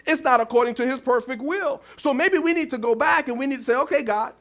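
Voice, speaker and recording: A man, a pastor, preaching a sermon, telling a story and repeating key phrases, with sudden loud bursts when quoting. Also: very high voice, fast.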